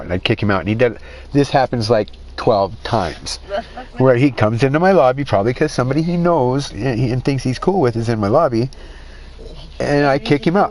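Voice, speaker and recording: A man's voice: medium pitch, darkish tone. A man hosting a racing league stream, telling rambling stories in casual talk and swearing constantly. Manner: rambling, swears constantly, mimics others in quotes. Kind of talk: casual profane storytelling.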